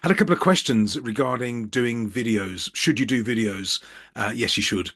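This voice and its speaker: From his office, a middle-aged Birmingham man who works as a business coach offers casual advice directly to the camera, with dry jokes at his own expense. His mid-range voice is fairly bright and moves at a normal speed, shot at eye level with a ring light.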